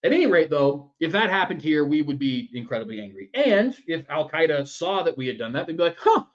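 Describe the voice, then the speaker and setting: A man's voice: a little high, big pitch swings, brisk, lo-fi sound. A man hosting a political commentary show in a sarcastic, mocking manner. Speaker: news commentary host.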